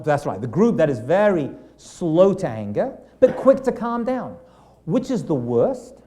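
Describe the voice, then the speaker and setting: A man from England, a rabbi giving a lively classroom lecture and asking his students questions. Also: a little high. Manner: animated, acts out quoted lines, asks the room questions. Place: classroom in New York City.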